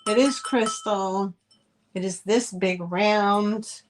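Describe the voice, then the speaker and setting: A woman's voice: mid-range voice, steady tone, slow, noisy background. A middle-aged woman hosting a live online sale, chatting in a rambling, easygoing way and laughing easily as she shows items. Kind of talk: casual live-stream selling chat.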